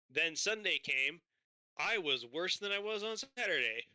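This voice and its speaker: A man telling a story in casual chat on a livestream, animated and swearing, acting out both sides of a conversation. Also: medium pitch, a little slow, smooth, dry recording.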